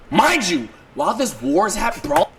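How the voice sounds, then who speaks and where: Excitable man with a lively high voice. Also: a little hiss or hum. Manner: profane, excitable, swings from low mutters to shouts. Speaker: streamer telling a story. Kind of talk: casual storytelling, reacting.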